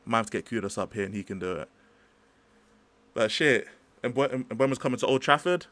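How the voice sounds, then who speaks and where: A young man hosts a casual football livestream. He rambles in a chatty, slangy way and keeps cutting in with asides to his chat. His voice sits at an ordinary middle pitch. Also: expressive, a little fast, fairly bright tone, no room sound. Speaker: livestream host.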